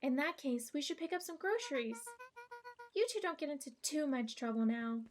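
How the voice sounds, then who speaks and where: A woman's voice: sits high, animated, normal speed, faint music behind. A woman doing a gushing, fretful mother. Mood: doting. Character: anxious, doting, overly clinical mother.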